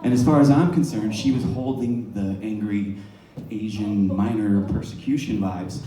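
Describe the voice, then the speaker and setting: A man's voice: lowish voice, normal speed, dark tone. A male stand-up comedian telling profane, rambling stories at a bar. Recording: echoey bar from a distance. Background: laughing crowd.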